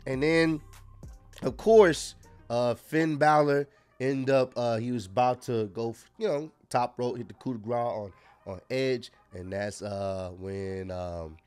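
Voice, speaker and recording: A man's voice: mid-range voice, slow, a little mellow, smooth. Laid-back man reviewing wrestling, faint music. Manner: laid-back, frank, many fillers and restarts. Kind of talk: casual solo review talk.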